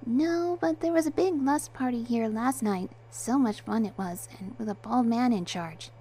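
Woman doing a giggly high-pitched love angel. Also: animated, a little slow, darkish tone, slight background noise. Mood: cheerful. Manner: giggly, cheerful, singsong. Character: bubbly mischievous female love angel.

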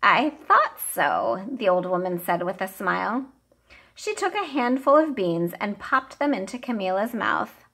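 A woman teacher reading a children's picture book aloud, with expressive, animated storytelling. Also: medium pitch.

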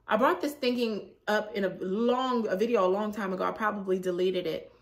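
A woman, chatting casually in a vlog with a sore throat, animated and laughing often. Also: mid-range voice, brisk. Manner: animated, laughs often, acts out her own reactions. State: sore throat after a cold. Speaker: vlogger.

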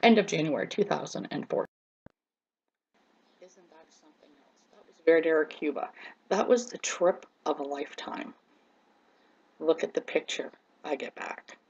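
A woman's voice: low-pitched, moderate pace, long pauses, darkish tone, breathy edge, highs cut off. A middle-aged woman telling her own story in an earnest personal vlog, speaking straight to her viewers as friends and repeating words for emphasis. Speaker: vlogger.

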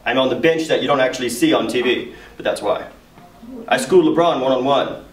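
A man's voice: mid-range voice, a little fast. A man who is a teacher, joking and bragging in a school interview. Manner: goofy, boastful. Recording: echoey room from far off.

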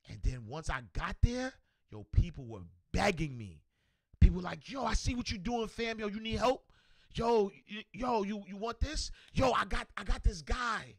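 A man hosting a motivational livestream, animated and slangy, repeating himself and shouting out viewers. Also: mid-range voice, no room sound, clean studio sound. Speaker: show host.

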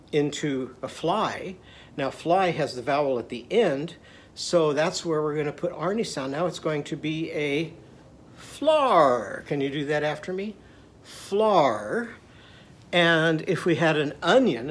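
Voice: mid-range voice, a little hiss or hum. A teacher telling a story to young children and leading them in call-and-response. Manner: animated, leads call-and-response.

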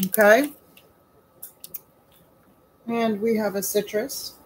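A woman's voice: mid-range voice, slow, a little hiss or hum, low-quality recording. A woman hosting a chatty baking demo from her home kitchen, asking rhetorical questions and calling her viewers sweetie and honey. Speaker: home baker and host.

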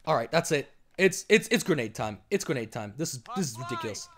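A man doing let's play commentary, excitable, swinging between yelling and muttering. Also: mid-range voice, fast talker, crowd noise. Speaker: gameplay commentator.

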